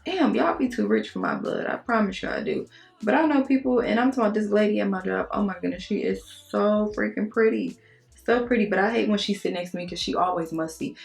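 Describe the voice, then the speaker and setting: A young adult woman chatting frankly to her viewers, telling animated stories and cussing casually. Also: medium pitch, fast talker, vocal fry, soft background music. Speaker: beauty vlogger. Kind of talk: casual chat to camera.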